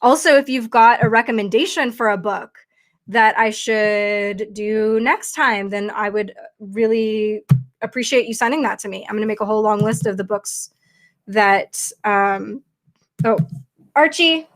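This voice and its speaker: A woman's voice: mid-range voice, steady tone, measured pace. A woman hosting a casual livestream, talking chattily and rambling with lots of fillers into her computer mic. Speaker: livestream host.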